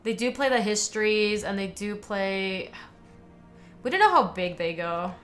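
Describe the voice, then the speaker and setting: A woman's voice: mid-range voice, animated, a little slow, fairly bright tone, faint music behind. A young woman giving casual commentary on a card game, chatting with viewers as she plays. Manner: chatty, talks to viewers and chat while playing. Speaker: streamer playing a card game.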